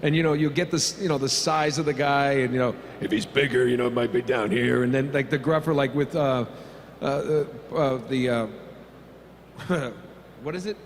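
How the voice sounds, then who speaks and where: A man's voice: medium pitch, steady tone, moderate pace. A middle-aged male voice actor answering fan questions on a convention panel, joking and rambling with many fillers. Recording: reverberant convention hall, faint hum.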